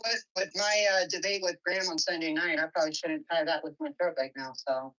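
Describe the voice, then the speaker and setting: A woman's voice: low voice, fairly even intonation, brisk, a bit bright, distant mic, lo-fi sound. A woman appearing as a guest on a casual call-in chat, answering in a defensive, matter-of-fact way.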